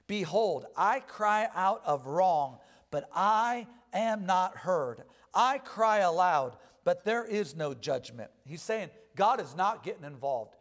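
High-voiced man preaching a sermon. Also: expressive. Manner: reads verses slowly with rising emphasis. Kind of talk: sermon with scripture reading.

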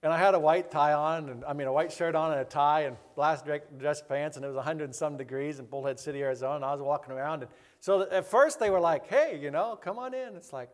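Middle-aged male pastor, slightly high voice, rambling anecdote full of restarts, acts out other people's voices, long hall reverb. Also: steady tone, fast, hardly any pauses. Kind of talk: personal anecdote storytelling.

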